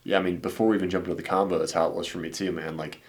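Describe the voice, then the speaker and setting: A man's voice: sits low, flat delivery, racing. A man coaching on dating, talking bluntly and casually, calling listeners "dude" and "man" and swearing now and then. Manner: blunt and laid-back, says "dude" and "man" a lot, swears. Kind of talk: casual commentary reacting to viewer messages.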